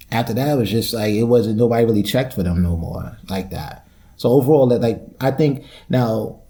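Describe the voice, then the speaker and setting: Low, dark-voiced man ranting profanely. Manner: rambling, profane, loose and joking. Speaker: podcast host. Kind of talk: solo podcast rant.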